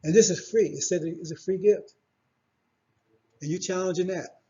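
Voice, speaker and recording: High-voiced preacher man, dull recording. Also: moderate pace, dark tone. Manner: preachy, repetitive, confrontational, rhetorical questions. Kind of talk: sermon.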